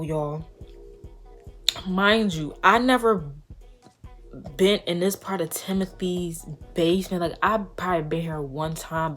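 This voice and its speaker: A young woman vlogger telling a story in a casual, slangy way and talking straight to her viewers. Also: on the low side. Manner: animated, slangy, addresses viewers directly.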